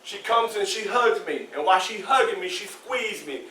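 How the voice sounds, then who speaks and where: Speaking to a class indoors, a guest speaker in his sixties shares a personal story, using vivid, repeated phrases and asking the students questions. His high-pitched voice is pushed and bright, with lively intonation at normal speed, recorded through a distant mic in an echoey room with slight background noise.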